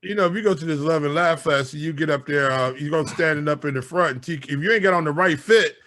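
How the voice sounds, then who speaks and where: A man's voice: on the high side, fast talker, a bit bright, a little hiss or hum. A man co-hosting a casual sports talk show, playful, telling jokes and stories while laughing. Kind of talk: casual sports podcast banter.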